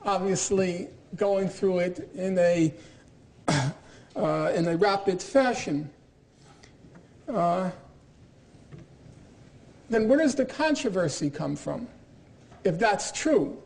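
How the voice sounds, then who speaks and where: A man's voice: high-pitched, lively intonation, slow, creaky, long pauses, darkish tone. A middle-aged man giving a university lecture in an emphatic, argumentative way, with pointed irony. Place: lecture hall.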